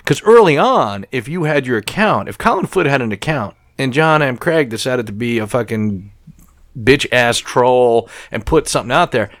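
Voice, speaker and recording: A man's voice: mid-range voice, lively intonation, normal speed, a bit bright, dry recording. Man thinking aloud, dry close mic. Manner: reflective, thinking aloud, repeated "right?" and "you know". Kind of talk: casual chat.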